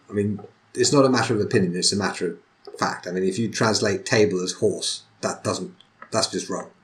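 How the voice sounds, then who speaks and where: A man hosting a conversational interview podcast, talking in a blunt, animated way. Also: lowish voice. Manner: animated, blunt, lively storyteller. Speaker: podcast host.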